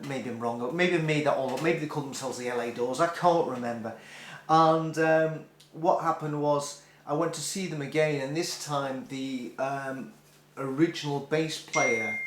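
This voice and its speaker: A man's voice: mid-range voice, echoey room, a little hiss or hum. A middle-aged man telling a rambling, self-deprecating concert story with many restarts. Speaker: music vlogger. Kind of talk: casual storytelling.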